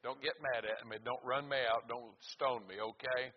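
A man's voice: mid-range voice, steady tone, moderate pace. An older man preaching a sermon as a Baptist pastor, folksy and calling out for amens. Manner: folksy, calls out for amens and witnesses. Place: church sanctuary. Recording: dull, echoey hall with faint hiss.

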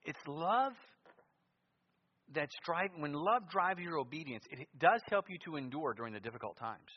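A man preaching a sermon in a church, moving between loud emphatic lines and quiet asides. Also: a little high, animated, normal speed, husky. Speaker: pastor. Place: church sanctuary. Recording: muffled sound with long church reverb.

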